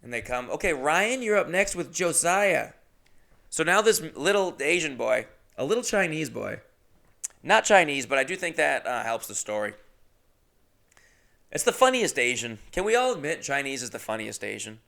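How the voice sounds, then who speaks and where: A young male comedian spinning a crude, profane story in a brash, offhand way. His voice is bright and forward with a heavy gravelly rasp, at an ordinary male pitch. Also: very animated, moderate pace. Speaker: comedian and podcast host.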